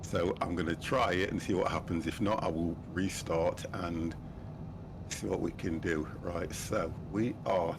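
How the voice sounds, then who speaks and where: A man's voice: low voice, creaky, background noise. A man in his fifties hosting a livestream, chatting casually and laughing often as he sets up a flight game. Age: 50s. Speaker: livestream host. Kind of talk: casual chat while gaming.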